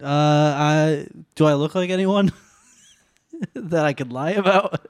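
A man's voice: on the high side, slow pace, dry recording. A middle-aged man in casual comedic banter, playful and easily amused, laughing often.

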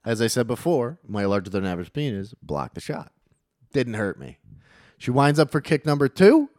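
Profane storytelling man, lively delivery. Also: medium pitch, moderate pace, no room sound, clean studio sound. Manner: profane, animated, shouts out quoted lines in raised voice. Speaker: podcast co-host. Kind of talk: casual storytelling chat.

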